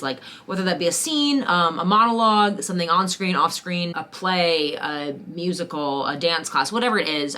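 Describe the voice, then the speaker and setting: A woman's voice: on the low side, bright, forceful tone, a little hiss or hum. A young adult woman actor chatting casually to camera, bubbly and enthusiastic. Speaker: actor and vlogger.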